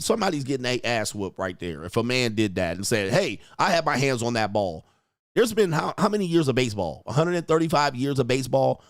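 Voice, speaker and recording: Guy ranting over a video clip, swings his pitch all over, dry close sound, cussing and doing little voices. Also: no echo. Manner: blunt, profane, animated, acts out people's lines. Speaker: commentator reacting to a viral video. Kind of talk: casual reaction commentary.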